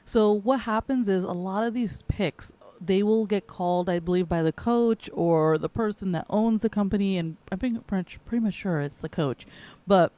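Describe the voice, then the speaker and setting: Rambling woman podcaster with mellow tone. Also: medium pitch, normal speed. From northeastern United States. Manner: rambling, self-correcting, laughs often. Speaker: podcast host. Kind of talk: casual solo podcast chat.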